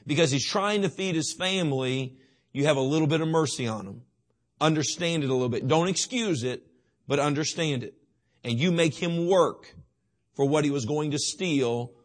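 A middle-aged man preaching a sermon in folksy storytelling, swinging from booming to hushed.

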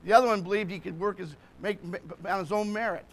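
A man's voice: high voice, quick pace, slight background noise. A man preaching a sermon with fervour, often checking that the congregation is following along.

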